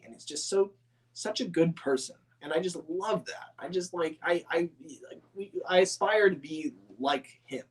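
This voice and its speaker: Un hombre de voz algo aguda charla de forma informal y entusiasta, divaga, se corrige a menudo y llena las pausas con muletillas. Habla como aficionado que responde preguntas de sus seguidores. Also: male voice, fairly high pitch. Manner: rambling, many fillers and restarts, enthusiastic. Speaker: scale model hobbyist answering viewer questions. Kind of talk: casual chat.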